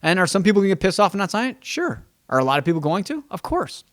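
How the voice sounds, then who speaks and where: Male podcast host, real estate agent; slightly high voice, quick and emphatic, casual monologue. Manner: animated, emphatic, repeats words when thinking aloud; acts out quoted exchanges with clients.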